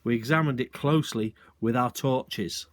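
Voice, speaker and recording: A male teacher reading a children's book aloud, expressive, with short asides to the listeners. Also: medium pitch, moderate pace.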